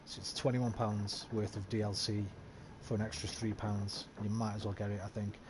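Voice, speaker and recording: A man's voice: on the low side, level tone, normal speed, noisy background. A man chatting casually as he streams a video game, rambling with lots of ums. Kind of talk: casual live-stream commentary.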